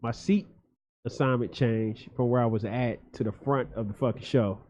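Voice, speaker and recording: Mellow-voiced comedian, loose and profane. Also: male voice, medium pitch, fairly even intonation, moderate pace, slight background noise. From Philadelphia. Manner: loose, profane, rambling with many fillers. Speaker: guest comedian. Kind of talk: casual storytelling chat. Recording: dull lo-fi podcast audio.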